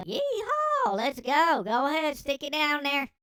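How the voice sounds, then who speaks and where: Crude, eager woman, shrill and high, as a man puts her on. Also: wildly swooping pitch, measured pace, pushed and bright, no echo, studio quality, full character voice. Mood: brash, crude. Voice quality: shrill falsetto twang.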